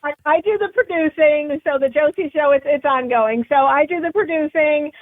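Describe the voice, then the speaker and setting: High-voiced woman producer on a phone-like line. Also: normal speed, dry recording. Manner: laughing, talkative. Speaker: show producer, guest. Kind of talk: casual interview chat.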